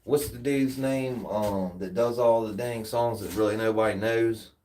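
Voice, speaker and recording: Chatting casually with his viewers, a tired Southern US streamer keeps things slangy and relaxed after his workout. The voice is lowish and a little mellow, fairly even in intonation and a bit slow, recorded away from the microphone.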